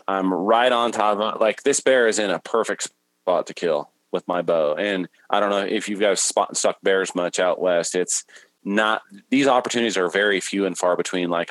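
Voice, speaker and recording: A man guest on a podcast, telling a hunting story in a lively way and acting out his own thoughts. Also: sits low, no echo, rough recording. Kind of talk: casual podcast conversation, storytelling.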